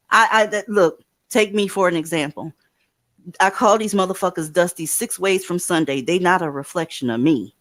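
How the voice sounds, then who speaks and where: A woman's voice: lowish voice, fairly bright tone, no echo, clean studio sound. A woman hosting a livestream, giving blunt, profane commentary and advice to her callers. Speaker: livestream host.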